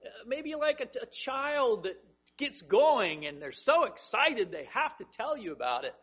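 Lively high-voiced male preacher. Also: measured pace, breathy edge. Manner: vivid storytelling, swings between hushed and emphatic. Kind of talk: sermon, Bible teaching.

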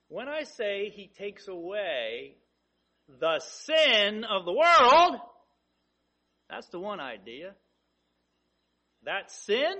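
A man's voice: high voice, sharp tone. A man preaching a sermon, emphatic, driving points home by repeating phrases.

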